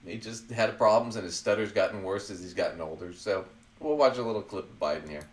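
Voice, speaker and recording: A man's voice: on the low side, brisk. A man hosts a casual political podcast, blunt and profane, and he laughs at his own jabs. He sits well back from the microphone. The room around him rings and echoes. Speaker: podcast host. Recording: roomy sound, far from the mic.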